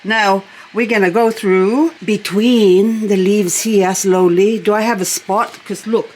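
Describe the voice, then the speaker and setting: Woman, home vlogger, mid pitch, casual rambling chatter, frequent laughs. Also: fairly even intonation, a little slow, a little mellow. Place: at home indoors.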